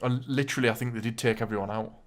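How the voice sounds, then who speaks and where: A man casually recapping a wrestling show, animated and laughing as he acts out what people said. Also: medium pitch, racing. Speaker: podcast host.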